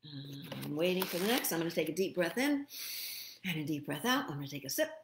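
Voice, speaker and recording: A middle-aged woman giving spirit readings on a live stream, unhurried and soothing as she thinks aloud. Her voice sits fairly low with a gravelly edge. The room around her is roomy and echoey. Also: very animated, background noise. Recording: roomy echo.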